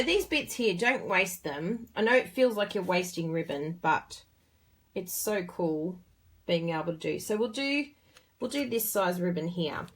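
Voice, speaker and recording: A woman's voice: fairly low pitch, slightly rough. An Australian woman hosting a casual craft tutorial, chatty and bubbly as she talks through each step while working with her hands.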